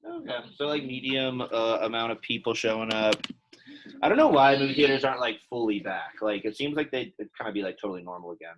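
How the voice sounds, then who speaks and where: Young male teacher, casual and chatty, mid-pitched, loose classroom talk. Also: fast, highs cut off, noisy background. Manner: relaxed, chatty, many fillers. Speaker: Latin teacher.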